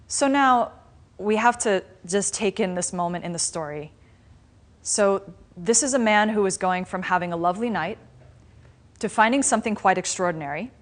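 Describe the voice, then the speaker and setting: A woman spiritual teacher giving a dharma class, retelling a story in a conversational, animated way with frequent restarts. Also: mid-range voice. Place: class in a meditation center.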